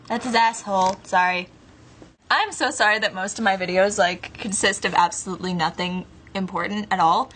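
A tired woman talks casually to her camera from her bedroom, wandering from one thought to the next. Her voice sits at a middle pitch and is packed with "like" and "um". A faint hiss runs under the recording. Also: normal speed, a bit bright. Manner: rambling, lots of "like" and "um" fillers. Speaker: vlogger.

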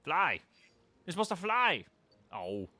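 A man hosting a gaming channel, giving chatty play-along commentary, talking to the creatures on screen and breaking into excited exclamations. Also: on the high side, slow pace, no echo.

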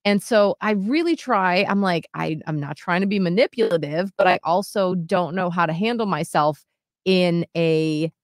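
A woman's voice: lowish voice, no room sound. Woman, young adult, radio co-host, casual chat, self-reflective, dry recording. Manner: candid, halting, self-reflective.

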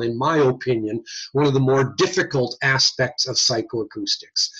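Folksy male lecturer, animated pitch, husky tone, lo-fi call audio. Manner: lively, folksy teaching with slang. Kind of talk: recorded online lecture. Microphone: computer mic on a video call.

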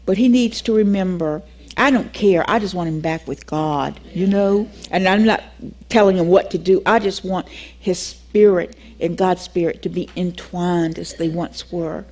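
An older woman teaching a Bible class, telling a personal story in an animated way, acting out the dialogue and laughing often. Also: on the low side, a little slow.

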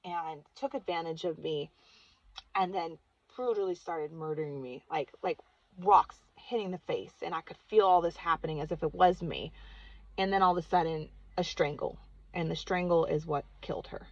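A woman's voice: deep voice, moderate pace, no room sound, highs cut off. A woman vlogger casually telling a personal story, earnest and chatty, saying "like" constantly.

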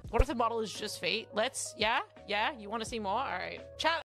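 An Australian woman livestreams, rambling excitedly and swearing often as she talks with her chat. Her voice is on the high side and a bit gravelly, her pace a little quick, with music playing behind her.

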